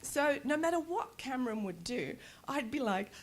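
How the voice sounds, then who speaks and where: Woman, middle-aged, fairly high voice, animated candid storytelling, conference talk. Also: normal speed. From Australia. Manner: animated, laughs often, candid. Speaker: conference speaker. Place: conference stage.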